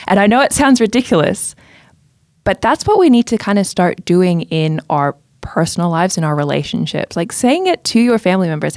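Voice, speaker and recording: Woman, security guest on a podcast, lowish voice, dry close mic, animated delivery. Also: dry recording. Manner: animated, quick bursts of emphasis. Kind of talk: casual podcast chat.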